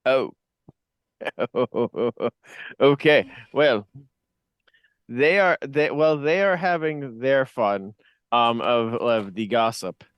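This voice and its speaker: A man's voice: mid-range voice, animated, drawn-out words, long pauses, clean tone, dry recording, muffled recording. A man playing a character in a tabletop role-playing game, talking in hesitant stops and restarts. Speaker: player.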